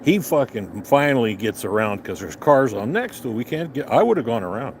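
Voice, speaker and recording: An older man tells a road story outdoors in an angry, profane rant, swearing with nearly every line. His pitch swings widely as he goes. A faint outdoor ambience sits behind him. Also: sing-song, brisk, a little hiss or hum. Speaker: vlogger. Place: outdoors on a restaurant patio.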